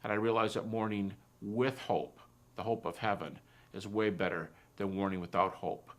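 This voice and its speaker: A man with a somewhat low voice gives a personal testimony. He talks in a reflective, soft-spoken way and often sinks almost to a hush. He retells his conversations as dialogue. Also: steady tone, moderate pace. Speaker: Christian philosopher giving a talk.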